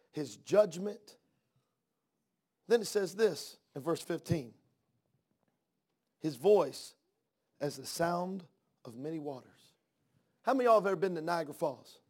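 High-voiced fervent man preaching a sermon. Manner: swings from soft hush to loud fervent outbursts; repeats and restarts words as he builds. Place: church.

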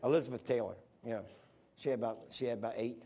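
A man preaching a sermon, telling stories with animated bursts of shouting. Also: mid-range voice, fast.

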